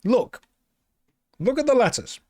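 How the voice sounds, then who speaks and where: A man's voice: very high voice, big pitch swings, measured pace, dark tone, dry recording, studio quality. A man streaming a game, reading chat aloud and answering in a playful, exasperated way. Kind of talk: casual gaming stream chat.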